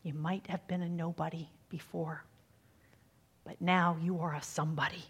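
A woman giving a sermon, dramatic and swinging from hushed near-whispers to emphatic lines. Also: on the low side, flat delivery, normal speed, husky, dull audio. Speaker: speaker giving a faith talk.

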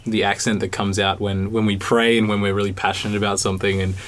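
A man hosts a casual podcast, chatting in a relaxed, joking way. His voice sits a little low. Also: quick pace. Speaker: podcast host. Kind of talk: casual chat.

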